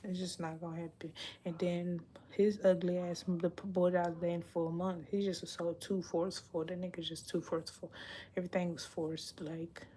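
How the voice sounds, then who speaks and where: A woman's voice: fairly low pitch, little pitch movement, brisk, warm tone, a little hiss or hum. A young adult woman chatting casually on a livestream, blunt and profane, rambling and sometimes dropping into a whisper. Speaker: livestream host. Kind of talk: casual confessional livestream chat.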